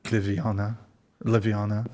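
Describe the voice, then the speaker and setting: A man's voice: fairly low pitch, little pitch movement, a little slow, background noise. A man hosting a casual panel chat, joking, crude and self-deprecating. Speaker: host.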